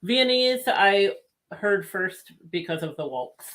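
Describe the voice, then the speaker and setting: A woman's voice: lowish voice, lively intonation, normal speed, fairly bright tone. A woman co-hosting a snack tasting show, talking casually and repeating herself as she starts sentences. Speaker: snack review show co-host.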